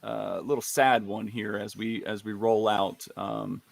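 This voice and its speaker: A man's voice: lowish voice, fairly even intonation, measured pace, vocal fry. A man co-hosting a live coffee chat stream, bringing up news items in a chatty, joking way. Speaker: co-host. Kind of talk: casual chat. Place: live stream video call.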